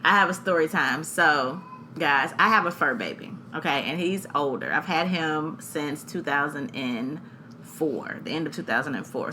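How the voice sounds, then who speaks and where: A woman, co-hosting a podcast and telling a story, animated and laughing, acting out voices. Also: deep voice, moderate pace, a little hiss or hum. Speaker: podcast co-host. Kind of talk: casual storytelling chat.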